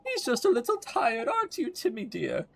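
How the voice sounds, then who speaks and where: A man's voice: very high-pitched, huge pitch swings, normal speed, creaky, fairly bright tone, a little hiss or hum, pitched above the performer's own voice, heavily acted. A man voicing a doting elderly woman who fusses over her cat in a sweet, cooing way.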